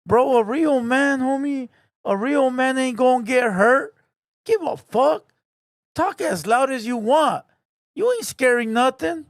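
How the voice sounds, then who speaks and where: A man's voice: very high voice, lively intonation, a little slow, no echo, clean studio sound. A man streaming live, reacting to a podcast clip with a mocking, scolding rant.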